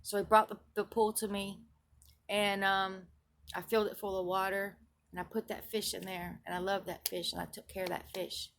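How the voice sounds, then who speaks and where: A woman's voice: mid-range voice, flat delivery, normal speed, gravelly, a bit bright. A woman recounting a dream and its spiritual meaning for her video blog, earnest and emphatic, often repeating herself and restarting phrases. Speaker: Christian video blogger.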